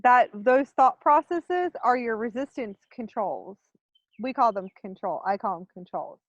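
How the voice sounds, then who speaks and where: A woman's voice: a little high, lively intonation, measured pace, no echo. A woman hosting a casual chat, joking and laughing between her remarks. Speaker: host. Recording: slightly muffled call audio.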